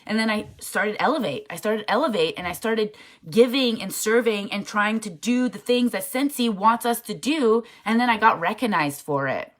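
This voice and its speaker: A woman's voice: medium pitch, moderate pace. Frank, chatty woman coaching her sales team, emphatic and casual, mid-range voice. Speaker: network marketing team leader. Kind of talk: casual motivational talk.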